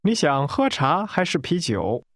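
A man modeling phrases in a language course drill with careful, deliberate pronunciation. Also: on the high side, sing-song, fairly bright tone, no echo, studio quality.

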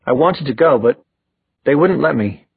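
Man doing a young woman, bold, teasing, theatrical, high and lively, husky edge, phone-like thin sound. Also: normal speed, no echo, heavily acted. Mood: guarded. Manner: playful, theatrical.

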